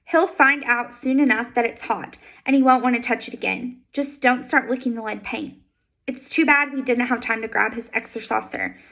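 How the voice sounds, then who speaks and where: A woman with a high voice reads a first-person novel aloud. Her delivery is soft and steady, and it stays intimate throughout. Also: low-quality recording. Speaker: audiobook reader.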